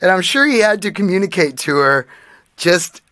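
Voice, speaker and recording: Male podcast co-host, forties, bright tense voice, dry close mic, earnest storyteller. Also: sits high, lively intonation, moderate pace, no room sound. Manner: earnest storytelling, emotional tribute. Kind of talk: casual chat.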